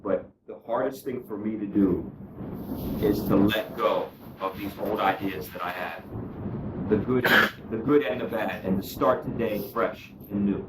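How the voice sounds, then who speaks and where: Sharing his recovery story as a guest speaker, a man speaks unhurriedly with earnest, self-deprecating candor, going low and quiet, then climbing high and excited. The mic is distant, the sound reverberant, and background noise is heavy.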